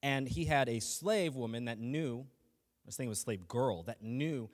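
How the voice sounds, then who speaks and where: A man's voice: mid-range voice, animated, unhurried, in a large hall. A man giving a casual, earnest faith talk as a lay teacher, speaking conversationally with frequent restarts and fillers.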